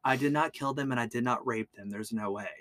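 A man's voice: mid-range voice, brisk, fairly bright tone, dry recording, lightly acted. A man reading out the words of a defiant adult male killer who insists on his innocence, in an insistent, emphatic way.

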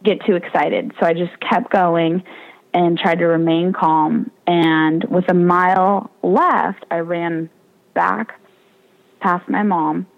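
Young woman telling a race story, lively. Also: on the low side, slow, vocal fry, highs cut off. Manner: animated, laughs often, acts out quoted voices. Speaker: interview guest, triathlete. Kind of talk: casual storytelling interview.

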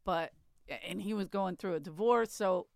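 A woman's voice: medium pitch, moderate pace, creaky, no echo. A woman co-hosting a casual chat, telling a story with frequent restarts and asides. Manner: chatty, laughs often, trails off and restarts. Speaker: podcast co-host.

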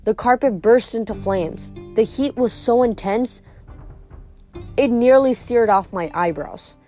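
A woman's voice: on the high side, measured pace, mellow, faint music behind. A woman reading a novel aloud chapter by chapter, with small slips and restarts. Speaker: reader of a novel.

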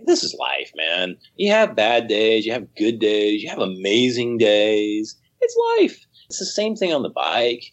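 A cycling coach tells stories in a casual interview, his voice jumping around as he rambles and restarts his sentences. The sound is a bit dull and lo-fi. He stays animated and chatty throughout. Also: fairly low pitch, a little slow, few pauses.

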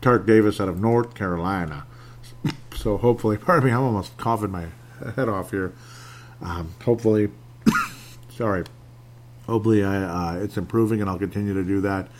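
Rambling podcast host with a lowish voice. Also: male voice, moderate pace, pauses often, a little hiss or hum. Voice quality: audible lip smacking. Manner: rambling, self-deprecating, laughs often. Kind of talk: casual solo podcast monologue. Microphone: home podcast microphone.

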